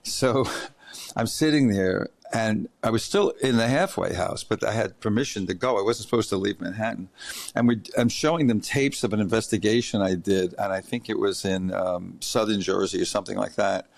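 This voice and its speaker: A middle-aged man hosting a podcast, telling an anecdote in a casual, animated way and laughing as he goes. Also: lowish voice, normal speed, gravelly, no echo. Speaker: podcast host. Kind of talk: casual storytelling.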